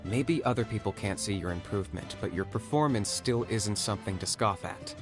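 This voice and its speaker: A man voicing a calm, level-headed young hero in a video game. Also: on the low side, brisk, close to an everyday voice. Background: game music.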